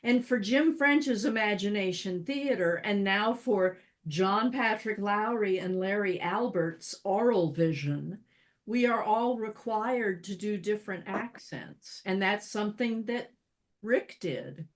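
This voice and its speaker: A woman, a voice actor, chiming in emphatically during a casual interview. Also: medium pitch. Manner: quick to chime in, emphatic. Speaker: voice actor guest.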